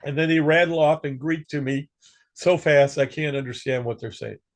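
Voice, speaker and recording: A man's voice: fairly high pitch, fairly even intonation, moderate pace. Chatty man teaching a radio class. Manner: chatty, joking, self-correcting. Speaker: instructor. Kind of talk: casual classroom lecture.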